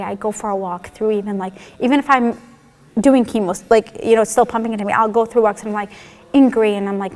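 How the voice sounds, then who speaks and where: A woman shares a personal faith testimony in a relaxed, conversational way that keeps slipping in "like" and "you know." Her voice sits a little high for a woman, and it carries the long reverb of a large church hall. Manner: candid and heartfelt, many fillers like "like" and "you know". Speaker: church member sharing testimony.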